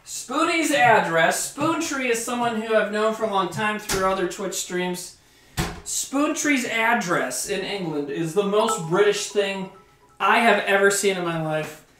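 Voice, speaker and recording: Cooking live in his home kitchen, he rambles, chats with his viewers, and swears occasionally. His voice sits high and a bit bright, with lively intonation and a measured pace, recorded in a roomy kitchen with faint background noise.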